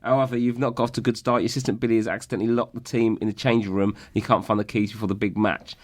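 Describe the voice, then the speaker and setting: Fast-talking male podcast host. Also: fairly low pitch, flat delivery. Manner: chatty, runs the show and reads out the game setup. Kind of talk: casual podcast chat, hosting a game.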